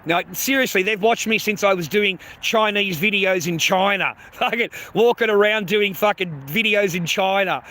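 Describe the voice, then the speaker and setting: A man with a high, sharp voice hosts a livestream, ranting bluntly and profanely at his chat at a normal speed with few pauses. He keeps repeating himself and calls his viewers "mate" and "bro."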